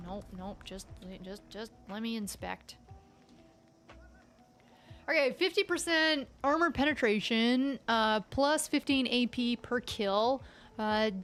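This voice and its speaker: A woman's voice: on the high side, a bit bright. A woman with a light Canadian accent, live streaming a game and chatting aloud to herself and her chat.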